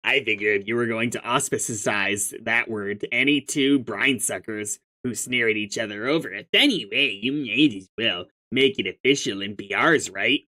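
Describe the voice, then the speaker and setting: A man's voice: lowish voice, normal speed, few pauses, pushed and bright. A man reading aloud as a pushy, profane young sea troll with schemes of his own, speaking in a mocking tone. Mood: scornful.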